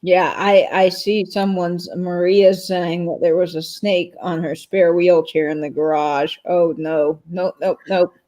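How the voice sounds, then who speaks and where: A woman guest on a live stream, chatting casually and telling lively stories. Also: lowish voice, a little slow, hardly any pauses. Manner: animated storyteller, laughs into her stories.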